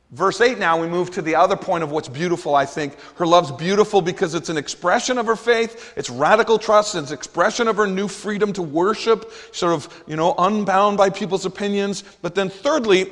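A man's voice: high-pitched, a little fast, a bit bright. A man preaching a sermon as pastor, earnest and emphatic, asking the congregation rhetorical questions. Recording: long hall reverb.

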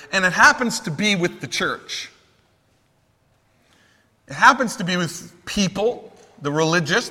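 Bright-voiced male preacher in a reverberant hall. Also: sits high. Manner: conversational, emphatic preaching with acted-out quotes. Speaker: pastor. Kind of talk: sermon.

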